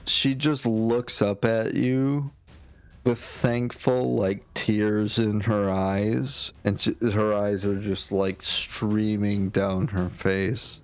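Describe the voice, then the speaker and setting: A man's voice: lowish voice, flat delivery, slow pace, darkish tone, clear, resonant tone, faint music behind. A man narrating as dungeon master, rambling with many fillers and restarts. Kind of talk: narrating a tabletop game.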